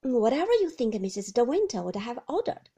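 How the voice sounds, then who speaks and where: A woman's voice: fairly high pitch, big pitch swings, fairly quick, mellow, husky, exaggerated voice. A woman voicing a timid young bride who stammers and hurries her apologies in a storybook reading. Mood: flustered.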